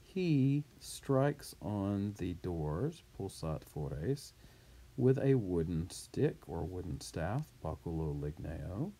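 A man teaching from a Latin reader, reading each line and then translating and explaining it, with his voice leaping up for the shouted quotes. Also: sits low, sing-song, takes it slowly, breathy edge. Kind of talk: reading aloud and explaining a textbook.

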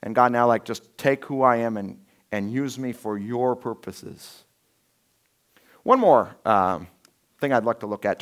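Man, pastor, conversational sermon, middle pitch, casual storytelling, acted-out quotes. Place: church sanctuary.

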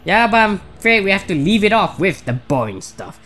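A woman's voice: medium pitch, big pitch swings, fairly quick, a bit bright, soft background music. A woman hosting a let's play, reading a visual novel's narration aloud in a chatty, lightly wry way.

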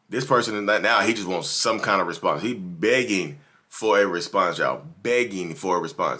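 A man with a fairly low but bright, forceful voice talks straight to his viewers in casual commentary. He is animated and emphatic and often repeats words for weight. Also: normal speed. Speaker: YouTube commentator.

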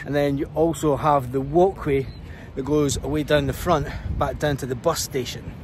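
A man's voice: a little high, fairly even intonation, normal speed, a little mellow. Scottish guy vlogging on a steep castle walk, puffing a bit, traffic and wind behind him. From Scotland. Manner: chatty, pointing things out while walking uphill. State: out of breath. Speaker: travel vlogger. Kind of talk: walking tour commentary. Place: outdoors on a hilltop castle. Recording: outdoor vlog with clear background noise.

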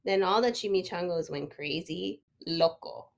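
A woman reading a children's picture book aloud, expressive, sometimes stopping to ask the listening child a question. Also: on the low side, unhurried, creaky. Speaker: storyteller. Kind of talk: children's storybook read-aloud.

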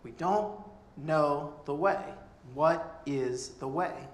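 A man's voice: on the high side, very slow. A man preaching a sermon as pastor, earnest and conversational, with humorous asides. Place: church. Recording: echoey church room.

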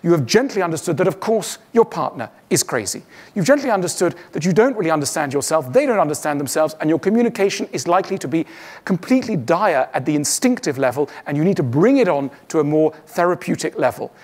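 A man's voice: on the high side, very animated, fast. A man giving a witty stage talk to an audience, acting out the voices he quotes. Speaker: public speaker.

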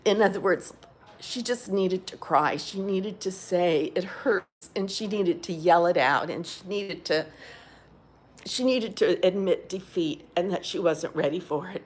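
A woman's voice: lowish voice, unhurried, slightly rough. An older woman telling a candid, rambling personal story in a casual video diary, talking from a rehab facility. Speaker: vlogger.

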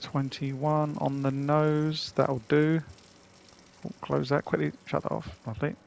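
Chatty man with gravelly voice. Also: on the high side, level tone, unhurried, darkish tone. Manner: chatty, rambling, self-deprecating. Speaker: gaming channel host. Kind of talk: casual gameplay commentary.

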